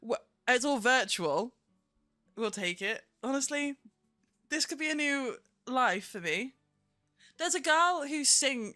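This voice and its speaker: A woman's voice: a little high, pushed and bright, no echo. Giggly woman streamer, dry close mic. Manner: chatty, giggly, self-mocking. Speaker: live streamer. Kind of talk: casual live-stream chat. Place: home streaming room. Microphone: streaming microphone.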